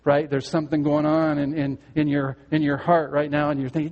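A man's voice: a little high, little pitch movement, fairly quick, hardly any pauses, darkish tone, long reverb tail. A man preaching a sermon, earnest and direct, putting questions to his listeners and repeating words as he goes. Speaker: pastor.

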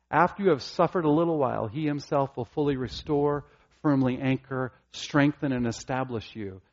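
A middle-aged man preaching a sermon, earnest and emphatic, rising to passionate peaks and dropping to soft, intimate asides. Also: medium pitch, highs cut off. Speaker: pastor.

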